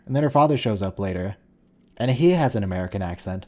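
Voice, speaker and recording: A man with a mellow, relaxed voice comments casually during a watch-along. He muses aloud, often restarting his sentences mid-thought, in an easygoing conversational way. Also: fairly low pitch, fast.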